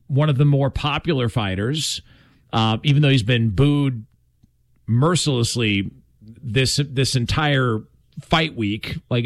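A man's voice: mid-range voice, dry recording. A man hosting a sports talk show, talking casually with lots of fillers and asides. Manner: conversational, many fillers and asides.

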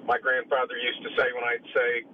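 A man's voice: mid-range voice, monotone, fairly quick. A man from Indiana calling in to a radio show, telling a story in an easygoing way. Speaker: caller. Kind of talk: phoned-in radio call. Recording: dull call-in audio with noise.

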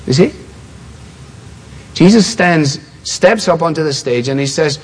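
A man with a somewhat high, husky voice delivers a sermon, hammering points home through repetition. His words ring out with a long reverb, as in a large hall. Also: expressive, a little slow. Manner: emphatic, repetitive preaching cadence. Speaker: preacher.

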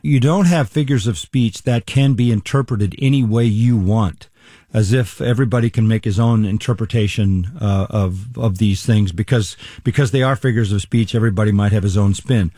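Older pastor, mellow and measured. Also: male voice, fairly low pitch, no room sound, studio quality. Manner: deliberate, measured, with frequent restarts. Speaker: pastor and Bible teacher. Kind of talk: interview conversation.

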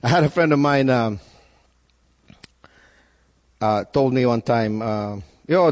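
A male pastor preaching a sermon, animated, with repeated phrases and rhetorical questions. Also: mid-range voice, takes it slowly, pauses often, big-room sound.

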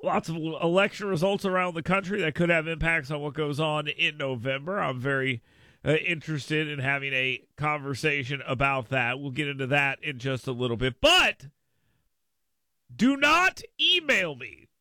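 A male radio talk show host with a high, bright voice, recorded dry and close in the studio. He rambles through a story, full of asides and sudden emphasis. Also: fairly even intonation, moderate pace, dry recording. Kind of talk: casual radio monologue. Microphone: studio microphone.

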